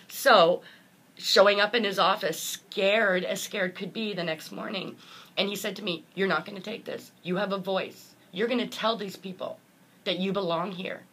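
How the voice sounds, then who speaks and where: A woman's voice: medium pitch, normal speed, fairly bright tone, slightly rough. A woman motivational speaker, earnest and heartfelt, telling a personal story in an interview and acting out the voices of the people in it.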